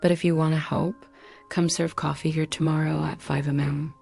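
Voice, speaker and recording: A woman's voice: deep voice, normal speed, gravelly, faint music behind. A woman voicing blunt, weary waitress Keisha. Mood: steady. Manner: plain, blunt, steady.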